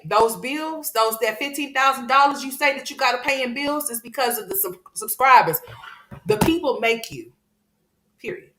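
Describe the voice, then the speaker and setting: A woman's voice: medium pitch, a bit bright. A woman hosting a livestream commentary, talking in a blunt, profane, scolding way. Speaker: commentary channel host.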